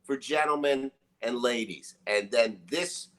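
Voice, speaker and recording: A man's voice: mid-range voice, measured pace, fairly bright tone. A man who is a podcast guest, telling crude jokes and ranting in mock outrage. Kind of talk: casual profane chat.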